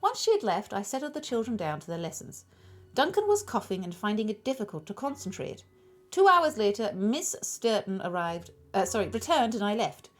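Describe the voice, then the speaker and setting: A woman's voice: mid-range voice, sing-song. Woman reading as a formal male tutor witness. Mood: earnest, formal. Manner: measured, formal testimony in a loosely attempted Irish-tinged accent. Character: powerfully built male tutor in his thirties, calm witness.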